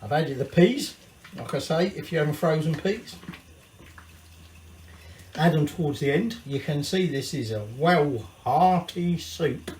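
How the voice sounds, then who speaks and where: A man's voice: on the high side, a little slow, a little mellow, slight background noise. Chatty Scottish man in an echoey kitchen. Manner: chatty, rambling, sweary asides. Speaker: cooking channel host. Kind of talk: casual cooking demonstration. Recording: echoey room.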